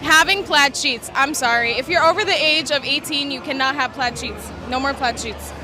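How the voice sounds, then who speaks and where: Woman in her 20s, high voice, street interview, crowd and music behind. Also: normal speed. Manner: listing opinions matter-of-factly.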